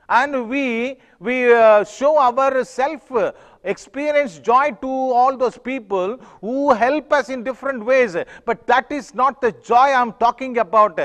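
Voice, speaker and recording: A pastor preaching a sermon in a halting way, with many fillers and restarts. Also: male voice, very high voice, a bit bright, big-room sound.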